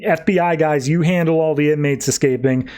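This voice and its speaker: A man's voice: fairly high pitch, steady tone, brisk, darkish tone, lightly acted. Guy doing a bossy tough lady giving orders, curt, near his own voice. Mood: scolding. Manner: commanding, curt. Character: domineering tough female boss, commanding.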